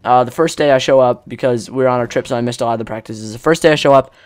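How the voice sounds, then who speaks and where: A teenage guy commentating on a game tells stories casually over the gameplay, rambling loosely, using lots of filler, and acting out other people's words. His voice is mid-range and very fast, and the recording is dry.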